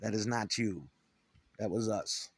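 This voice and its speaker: Unhurried and somewhat low in pitch, this middle-aged ex-punk musician from upstate New York delivers a rambling solo monologue. He sounds aggrieved and swears a lot, restarting his thoughts often.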